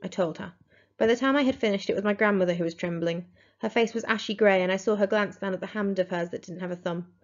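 A woman teacher reads a children's storybook aloud with expressive, dramatic storytelling. Her voice sits in a middle range, and the recording sounds dull and lo-fi. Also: medium pitch, quick pace.

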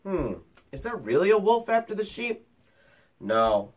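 A teacher reading a picture book aloud to young children, with chatty asides to them. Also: male voice, high-pitched, sing-song, normal speed. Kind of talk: storytime read-aloud.

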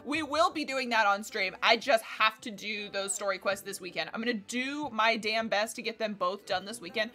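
A woman's voice: medium pitch, moderate pace, few pauses, sharp tone, soft background music. A woman livestreaming a game in casual chat, scattered and swearing as she talks to herself and to the game.

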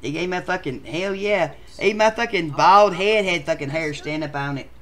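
A man's voice: on the high side, normal speed, a bit bright, lightly acted. A man voicing a foul-mouthed, rambling bald bachelor contestant in a comedic voice performance. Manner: swears constantly, rambling. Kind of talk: comedic voice acting.

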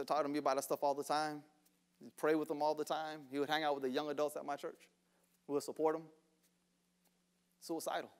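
A man pastor preaching a sermon, dropping to hushed whispers and rising to shouts, repeating words for emphasis. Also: fairly high pitch. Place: church sanctuary.

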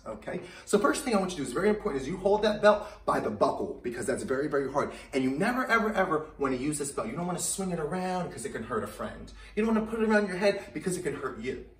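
A man's voice: a little high, big pitch swings, quick pace, hardly any pauses. Young male kids' gym coach, bouncy sing-song delivery, roomy echo from a distance, music faintly behind. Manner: upbeat, coaxing kids to repeat phrases. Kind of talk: children's activity class. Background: music playing.

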